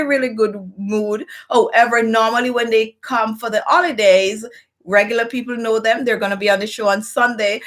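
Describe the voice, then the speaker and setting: A woman's voice: on the high side, fairly bright tone. A middle-aged woman hosting a live beauty stream, tired and chatty, greeting viewers by name and rambling in a personal way with lots of fillers.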